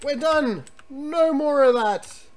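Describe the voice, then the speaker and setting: A man streaming a retro computer game, chatting excitedly and reading the game's text aloud. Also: extremely high pitch, slow. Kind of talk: casual gameplay commentary and reading game text.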